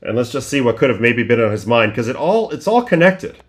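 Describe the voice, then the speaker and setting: Man breaking down baseball pitches casually. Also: big pitch swings, brisk. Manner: conversational, thinks aloud, many restarts and fillers. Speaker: livestream host breaking down game film.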